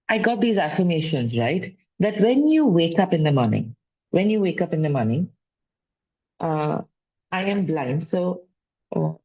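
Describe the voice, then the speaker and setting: A woman talks to camera about wellness, her voice on the low side for a woman. She speaks conversationally, repeats her points and tags them with "right?". The recording is slightly dull and lo-fi. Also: darkish tone. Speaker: wellness coach. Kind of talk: casual spiritual teaching talk. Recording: dull lo-fi sound.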